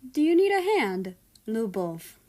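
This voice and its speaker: A woman's voice: a little high, sing-song, measured pace, darkish tone, pitched above the performer's own voice. A woman voicing a middle-aged man who is an affectionate, teasing husband.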